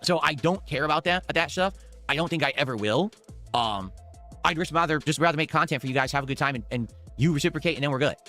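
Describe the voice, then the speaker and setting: Guy streamer ranting super fast, bright tense voice, swearing a lot, faint music under it. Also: fairly high pitch. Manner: fast, heated, swearing rant.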